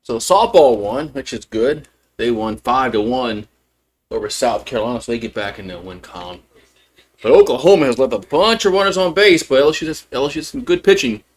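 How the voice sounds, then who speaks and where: A man calling a live baseball game as a fan streamer, openly rooting for his team, chatty and loose, with rambling asides between pitches. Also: expressive, a little fast. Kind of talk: live baseball play-by-play commentary.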